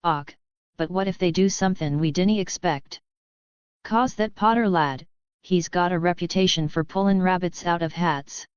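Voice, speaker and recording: An earnest young Scottish woman raises her doubts, as a woman narrator voices her. The voice is low and smooth, the sound dry. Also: moderate pace, no room sound, dull audio, lightly acted. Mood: worried.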